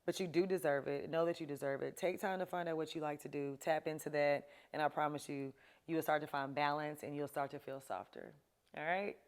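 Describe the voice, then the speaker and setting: Low-voiced, chatty woman host. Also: fairly even intonation, brisk, clear, resonant tone. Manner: chatty, emphatic, laughs often. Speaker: show host. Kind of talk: casual advice talk to camera.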